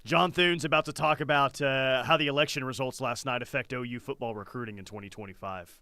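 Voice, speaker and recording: A man co-hosting a casual sports talk show, animated and chatty, reading listener comments aloud. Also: mid-range voice, brisk, clean tone, dry recording, clean studio sound. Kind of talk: casual sports radio chat.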